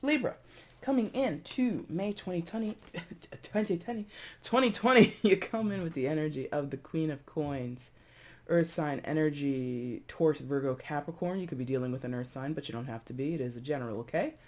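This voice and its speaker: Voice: mid-range voice, moderate pace, a little mellow. A tarot reader giving a casual reading to camera, chatty and rambling, often repeating and correcting themselves, with giggly asides.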